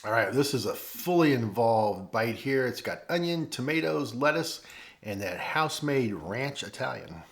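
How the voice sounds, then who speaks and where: Lively, chatty man reviewing food. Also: medium pitch, creaky. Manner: chatty, folksy and lively, pausing to taste food. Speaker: food vlogger. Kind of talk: casual food review vlog. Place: at home.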